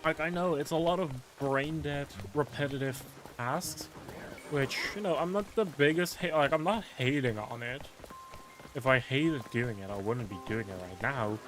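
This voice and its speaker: A man talks casually as he streams a game, wandering from thought to thought and padding his sentences with filler words. His voice sits in an ordinary middle pitch. Music plays clearly behind him. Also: normal speed. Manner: rambling, heavy on filler words, musing aloud. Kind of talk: casual rambling chat during a game stream.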